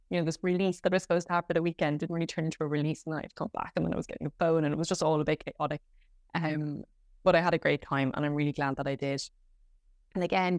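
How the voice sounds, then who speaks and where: Low-voiced Irish woman telling her story. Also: darkish tone, dry recording, clean studio sound. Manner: candid, rambling, frequent fillers and restarts. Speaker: podcast host. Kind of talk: personal storytelling monologue.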